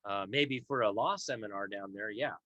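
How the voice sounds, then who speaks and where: A tired man hosts a casual livestream, rambling through viewer comments with plenty of fillers. His low voice has a forceful, sharp edge. The sound is dull and lo-fi, and dry, with no room echo. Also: normal speed. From Idaho, US. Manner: rambling with many fillers and restarts. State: tired, yawning. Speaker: host of a law livestream. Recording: dull lo-fi stream audio.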